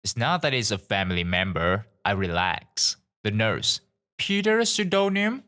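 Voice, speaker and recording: A man reading forum stories aloud in a plain, expressive way. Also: low-pitched, normal speed. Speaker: narrator of online stories.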